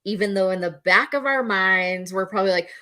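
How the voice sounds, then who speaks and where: Bright-voiced woman teaching calmly. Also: mid-range voice, brisk. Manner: earnest, repeats key phrases, acts out panicked voices. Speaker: mental health educator. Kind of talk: instructional talk to camera.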